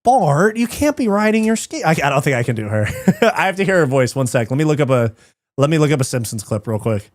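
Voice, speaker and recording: A man's voice: mid-range voice, expressive, quick pace, no room sound. A man hosting a live fight watch party, chatting casually, reading chat aloud, swearing often and laughing easily.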